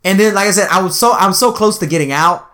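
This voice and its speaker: Bright-voiced man telling a wild story. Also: high-pitched, quick pace. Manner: animated, profane, laughs often. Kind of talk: casual storytelling chat.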